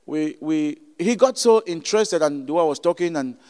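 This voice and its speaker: A man from Cameroon with a Cameroonian accent, preaching a sermon with emphatic, repeated phrases and halting restarts. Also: fairly high pitch, expressive, darkish tone. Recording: long reverb of a hall.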